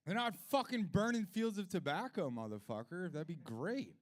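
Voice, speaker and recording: A middle-aged man doing a profane, rambling stand-up comedy set at a live venue, jumping between loud rants and low mutters. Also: lively intonation, moderate pace.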